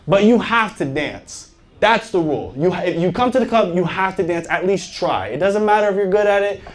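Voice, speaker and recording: A man doing a stand-up comedy set on stage, animated and joking, often laughing at his own lines. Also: sits high, a little fast. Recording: noisy live stand-up recording.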